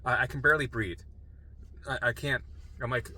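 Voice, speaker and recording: Bright-voiced man telling a frantic story. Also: medium pitch, normal speed, breathy edge, rough recording. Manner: profane, animated, frantic retelling. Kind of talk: personal storytelling monologue.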